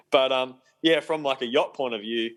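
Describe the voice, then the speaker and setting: A man's voice: mid-range voice, poor audio. A young man chatting casually as a podcast guest, laid-back and rambling with lots of ums. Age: young adult. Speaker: guest, professional sailor.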